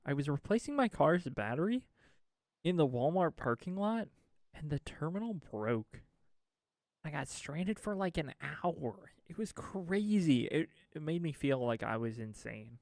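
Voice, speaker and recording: A man's voice: a little high, very animated, measured pace, darkish tone, no room sound, clean studio sound. A man chatting casually on a game stream, rambling and swapping his swears for mild stand-ins. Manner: rambling, self-censors swears with mild substitutes.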